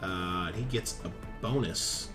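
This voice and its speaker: Lively man running a tabletop game. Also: medium pitch, measured pace, over music. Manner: explains rules patiently, lively narration. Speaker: game master.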